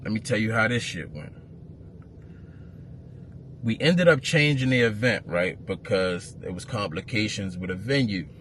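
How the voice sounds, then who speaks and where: A man, an event promoter telling a story to camera as a profane, heated rant that grows louder. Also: fairly low pitch, lively intonation, a little slow, pauses often, slight background noise.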